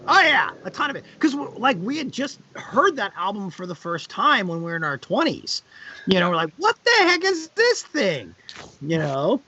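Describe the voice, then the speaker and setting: A middle-aged man telling animated backstage anecdotes in casual chat, bursting into loud high quoted lines. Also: brisk, slight background noise. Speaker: guest on a charity live stream. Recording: dull lo-fi stream audio.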